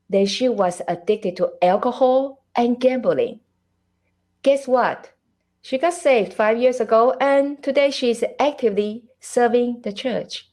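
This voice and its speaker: A woman in her forties who speaks English with a non-native accent. She is a podcast host giving an inspirational faith-based talk online, and her delivery is deliberate and emphatic. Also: a little high, dark tone.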